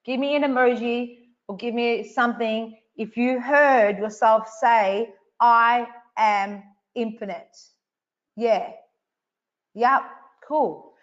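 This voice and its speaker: A woman's voice: on the high side, fairly even intonation, slow, lo-fi sound. A woman hosting a live online coaching session, emphatic and repetitive, swearing casually as she speaks to viewers. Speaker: online event host.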